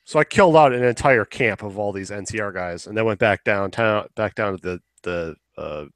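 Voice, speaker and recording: Low-voiced man rambling in dry sound. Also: normal speed, fairly bright tone, no room sound. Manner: rambling, swears casually, acts out quotes. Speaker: podcast co-host. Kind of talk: casual chat.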